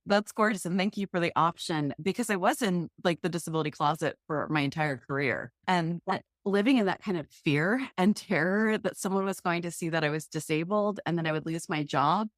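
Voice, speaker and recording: Candid, expressive woman podcast guest. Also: low-pitched, no echo, studio quality. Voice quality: expressive, self-deprecating, laughs often. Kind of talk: candid conversational interview.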